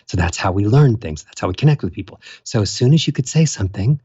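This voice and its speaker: A man's voice: lowish voice, animated, fast, mellow, husky, lo-fi sound. A man speaking as a voice coach guest in an interview, demonstrating voices and melodies as he explains. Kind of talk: animated interview talk.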